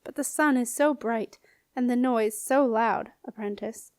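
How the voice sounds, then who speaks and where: A wary, hesitant alchemist who has lived for centuries speaks in old-fashioned phrases, as a woman reader puts him on. The voice sits a little high, and the recording is dry and close. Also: a little slow, darkish tone, no room sound, lightly acted. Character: ancient alchemist in a young man's body, wary, archaic.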